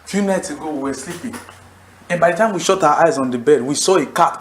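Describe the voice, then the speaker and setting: Animated high-voiced man preaching in an echoey hall. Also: measured pace, long pauses, noisy background. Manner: animated, calls for congregation responses. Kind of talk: sermon.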